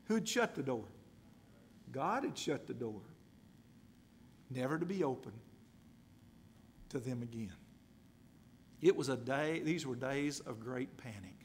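A man preaching a sermon, dramatic and emphatic, repeating phrases and swinging from loud to hushed. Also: medium pitch, animated, slow pace, pauses often, slight background noise.

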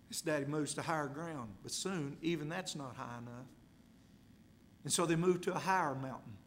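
A man preaching a sermon, dramatic and emphatic, repeating phrases and swinging from loud to hushed. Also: a little high, normal speed.

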